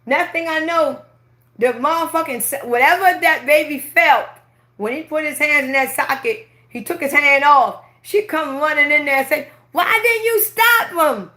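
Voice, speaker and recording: High, bright-voiced woman ranting profanely. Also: moderate pace. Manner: profane, emphatic, animated ranting. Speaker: livestreamer. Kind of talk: casual late-night storytelling on a live stream.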